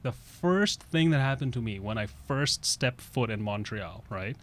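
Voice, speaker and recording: A man's voice: mid-range voice, expressive, measured pace, fairly bright tone. A man who grew up in Russia, hosting a podcast in a loose, conversational way. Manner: conversational, loose, many "you know" fillers. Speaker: podcast host. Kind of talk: casual podcast chat.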